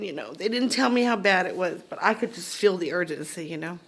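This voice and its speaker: A woman's voice: lowish voice, lively intonation, a little fast, hardly any pauses, husky. A woman telling a personal story to the camera in a candid, confessional way, growing emotional and tearful. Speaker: vlogger telling her own story.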